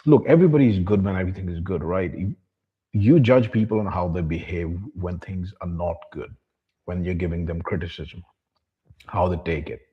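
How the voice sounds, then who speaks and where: A vlogger delivers a blunt, profane rant to camera in a deep, husky voice at a moderate pace, repeatedly talking about himself in the third person with open contempt. The recording is a little muffled and lo-fi.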